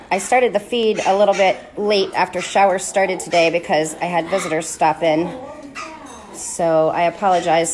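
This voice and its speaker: A woman caring for parrots at a rescue, filming on her phone and talking to the birds in a high, sing-song baby voice between explanations to viewers. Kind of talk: live-streamed feed from a bird rescue. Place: indoor bird rescue room. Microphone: phone held in hand. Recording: loud bird noise behind. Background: loud parrot squawks and chatter.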